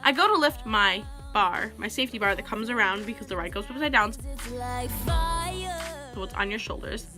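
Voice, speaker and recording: A woman's voice: mid-range voice, expressive, normal speed, long pauses, over music. A teenage girl telling a story to camera in a rambling, chatty way, full of "like.". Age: teenager, about 16. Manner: chatty, rambling, heavy use of "like". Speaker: vlogger.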